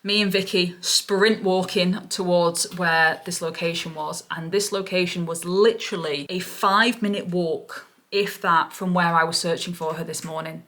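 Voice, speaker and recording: A lower-voiced woman vlogger speaks with raw relief. She gushes and circles back to the same words again and again. She sounds emotional throughout. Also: steady tone, normal speed, hardly any pauses, fairly bright tone. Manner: gushing, repeats herself over and over. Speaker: parrot-keeping vlogger. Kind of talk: emotional vlog retelling.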